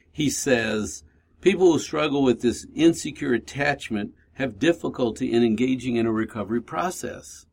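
A man's voice: mid-range voice, creaky, slightly rough. A man hosting a faith-based recovery radio talk show, reflective and talking through his inner thoughts aloud.

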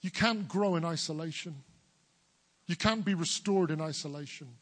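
A pastor in his forties from England preaches with a big, booming voice that sits fairly high. He builds earnestly toward emphatic declarations. His words ring out with a long echo, as in a church hall. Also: moderate pace. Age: 40s. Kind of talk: sermon.

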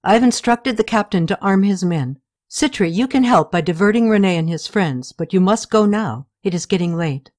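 A woman's voice: medium pitch, animated, moderate pace, darkish tone, natural voice. A woman doing a ruthless male conspirator. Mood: cold.

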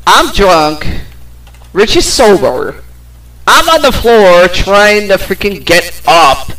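A woman's voice: sits low, a bit bright, low-quality recording. A woman hosting a podcast, telling a personal story in a casual, rambling way with plenty of swearing. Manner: rambling, profane, with fillers and laughs. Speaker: podcast host.

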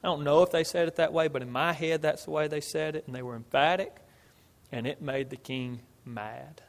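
Pastor, male, high voice, emphatic delivery, loud-soft swings, reverberant hall. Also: steady tone, normal speed, gravelly. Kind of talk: sermon.

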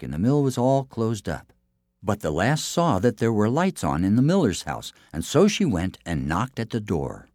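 Male storyteller, low voice, very lively delivery, dry studio sound. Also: no room sound. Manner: expressive, hushed asides. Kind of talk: folk tale narration.

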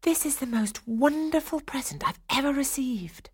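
A gentle, dreamy little girl, as a woman narrator puts her on in a storybook reading. Her voice sits noticeably higher and lighter than the narrator's own, and she speaks softly and in a hush. The recording is close and dry. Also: normal speed, no room sound, natural voice. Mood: delighted. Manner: soft, hushed delivery.

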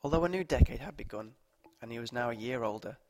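A man narrating short stories aloud at a measured, steady pace. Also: mid-range voice, no echo.

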